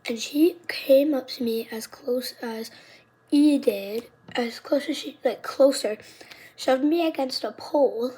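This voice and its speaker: A young girl in fifth grade casually retelling school drama with a high youthful voice and whispered asides, full of "like"s. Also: slow, pauses often, a little mellow, a little hiss or hum. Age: child, fifth grader. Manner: chatty, dramatic retelling with many "like"s. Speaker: vlogger. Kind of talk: casual storytelling vlog.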